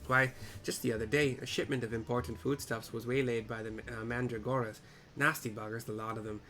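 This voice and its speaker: A man voicing a gruff, folksy aging male merchant who rambles. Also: mid-range voice, steady tone, brisk, a bit bright, a little hiss or hum, close to an everyday voice.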